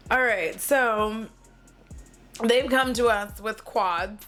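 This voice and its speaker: A woman's voice: a little high, measured pace, fairly bright tone, faint music behind. A woman beauty vlogger chatting casually at home about makeup, dramatic and profane, often trailing into little vocal noises. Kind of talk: casual chat reviewing makeup.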